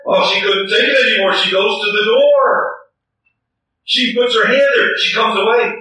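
A man with a high, piercing, bright voice preaches a sermon, telling the story with dramatic flair. He sounds a little off-mic, in a very echoey room with faint noise behind him. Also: moderate pace, distant mic. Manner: dramatic storytelling, acting out scenes.

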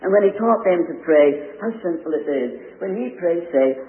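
A man's voice: high-pitched, animated, moderate pace. An earnest man preaches a sermon and presses his listeners with pointed, emphatic questions. His voice comes through a thin, tinny radio broadcast. A long reverb trails after his words, as if he stands in a large hall.

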